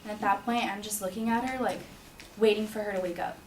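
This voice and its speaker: A young woman recounts a personal story in a halting, earnest voice, pausing and restarting often. She sounds set back from the mic in a roomy space, with a faint hum of ambience behind her. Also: medium pitch, fairly even intonation, distant mic. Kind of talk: personal story told to an audience.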